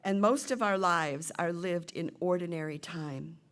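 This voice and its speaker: A woman's voice: fairly low pitch, measured pace. Woman minister acting out a story. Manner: acts out the characters' lines with lively shifts in voice. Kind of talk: sermon with storytelling.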